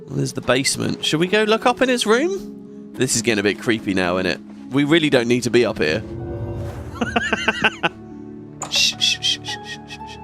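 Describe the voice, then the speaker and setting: Lively, excitable male let's play host; chatty gameplay commentary, faint game music behind. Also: medium pitch, creaky. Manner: chatty, excitable, swears often.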